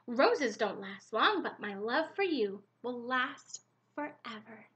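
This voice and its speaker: Woman doing a storybook mother hen: high voice, slow and soothing, patient. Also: big pitch swings, pushed and bright, full character voice. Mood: tender.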